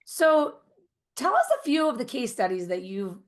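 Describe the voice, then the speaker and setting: A woman's voice: on the high side, very animated, normal speed. A woman hosting a podcast interview, engaged and guiding the conversation with long questions. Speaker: podcast host. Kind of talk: casual interview.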